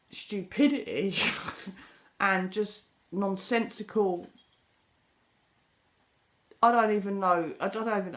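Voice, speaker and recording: A British woman in casual chat, ranting sarcastically and acting out quotes, talking at home in her kitchen. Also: medium pitch. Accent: British English. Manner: exasperated, sarcastic storytelling with acted-out quotes. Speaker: vlogger.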